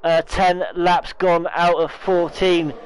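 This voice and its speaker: Excitable high-voiced race commentator. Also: male voice, a little hiss or hum, low-quality recording. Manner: excitable, talks fast with restarts and self-corrections. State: losing his voice, hiccups. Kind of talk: esports racing commentary.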